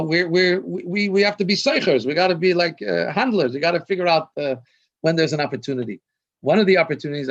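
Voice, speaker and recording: A rabbi in his fifties recounts anecdotes over a video call, in a medium-pitched man's voice. He talks loosely, restarting and correcting himself as he goes, and the sound is dull and lo-fi. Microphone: video call microphone.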